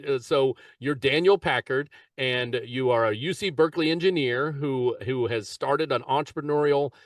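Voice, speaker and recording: A man hosting a podcast in casual interview chat, laughing often and talking with a lively, slightly halting manner. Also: medium pitch, dry recording, clean studio sound, recorded from a distance. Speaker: podcast host.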